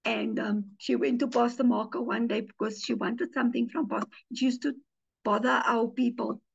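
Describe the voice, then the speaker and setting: A woman pastor preaches with lively storytelling, slipping into the voices of the people she quotes. Her voice sits a little high for a woman's. The audio is muffled and lo-fi. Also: moderate pace, creaky, slightly rough. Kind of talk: teaching sermon with personal stories.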